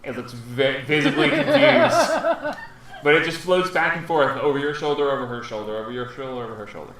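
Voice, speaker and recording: A man's voice: mid-range voice, fast. Man narrating as game master, echoey. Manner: animated storytelling, playful. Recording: echoey room, far from mic, noisy.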